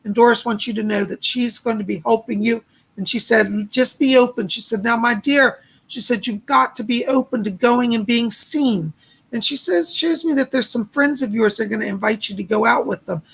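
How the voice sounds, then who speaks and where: A man's voice: very high voice, normal speed, gravelly, fairly bright tone, breathy edge, poor audio. A man hosting a live stream as a psychic medium, relaying spirit messages with constant repeated "he said" and "she said" and thanking viewers by name.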